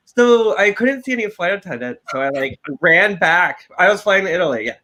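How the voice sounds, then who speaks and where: A young man co-hosting a podcast, chatting casually and telling animated, camp stories. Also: high voice, a little fast, over a noisy crowd. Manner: animated, camp storytelling with acted quotes. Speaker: podcast co-host. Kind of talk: casual chat, storytelling.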